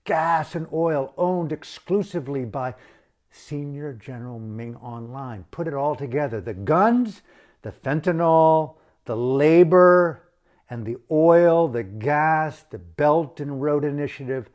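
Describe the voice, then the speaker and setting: A man's voice: fairly high pitch, a little slow, darkish tone. A man in an impassioned, blunt political rant full of profanity, speaking with open outrage. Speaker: activist speaking to camera.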